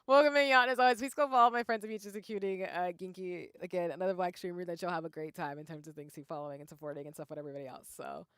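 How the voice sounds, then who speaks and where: A young woman with a Southern US accent, streaming a game live, chatty, swearing and breaking into loud outbursts. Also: on the low side, flat delivery, racing, few pauses, clean tone, dry recording, clean studio sound. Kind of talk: live gaming stream chat.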